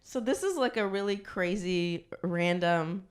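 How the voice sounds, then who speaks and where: A woman co-hosting a podcast, teasing the guests with quick reactions. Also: medium pitch. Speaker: podcast co-host. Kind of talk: casual chat.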